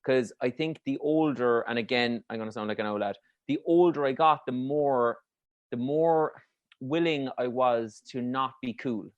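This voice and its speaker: A man, a comedian, muses in a middle-pitched voice and laughs easily. The recording sounds dry and close. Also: moderate pace, dry recording, dull audio. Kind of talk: casual chat.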